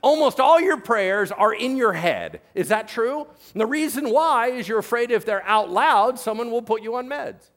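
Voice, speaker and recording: A man preaching a sermon as pastor, animated and joking, acting out the voices of people in the story. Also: extremely high pitch, normal speed, few pauses. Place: church.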